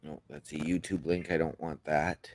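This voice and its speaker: A man's voice: a bass voice, little pitch movement, moderate pace. Man reading wrestling news on a podcast. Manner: reads out announcement details, then comments. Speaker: podcast co-host. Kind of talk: casual chat, reading news aloud.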